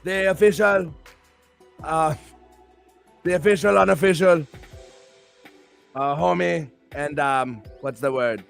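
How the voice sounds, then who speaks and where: A man's voice: a little high, takes it slowly, gravelly, long pauses, clean tone, faint music behind. A male host and pro wrestler chatting on a live stream show in a hyped, rambling, playful way.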